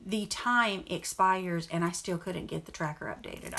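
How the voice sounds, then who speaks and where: Middle-aged woman vlogger, bright and clear tone, rambling earnest chat to camera. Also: fairly low pitch, measured pace. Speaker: vlogger and mother. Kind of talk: casual storytelling to camera.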